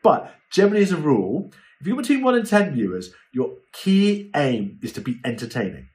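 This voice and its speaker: A man's voice: on the high side, very animated, fairly quick, a little mellow. A man giving a chatty, informal lesson on livestream selling, often checking in with "okay?". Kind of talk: informal instructional talk.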